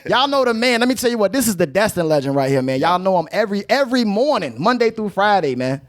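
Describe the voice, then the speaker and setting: A man's voice: high voice, very animated, fast. A young man hosting a podcast, full of hype, laughing often and repeating his words. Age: young adult. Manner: hyped, laughing, repeats himself. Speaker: podcast host. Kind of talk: casual comedic podcast banter.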